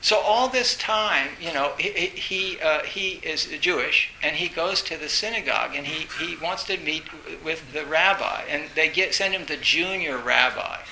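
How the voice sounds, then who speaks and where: A man giving an informal dharma talk as a Zen teacher. He speaks haltingly and grows more animated as he retells a story. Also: on the high side, gravelly. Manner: halting, storytelling, recounts a film with rising animation. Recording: roomy echo with faint hiss.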